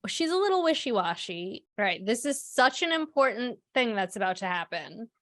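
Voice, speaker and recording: A woman's voice: a little high, very animated, normal speed, a bit bright, no echo, clean studio sound. A woman co-hosting a podcast, recapping a TV episode bluntly in casual chat and swearing freely. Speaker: podcast co-host.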